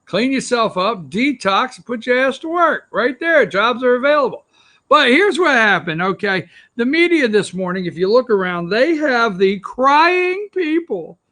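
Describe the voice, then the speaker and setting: A man's voice: very high-pitched, very animated, moderate pace, bright, forceful tone. A man hosting an opinion talk show, ranting with sarcastic, rambling asides.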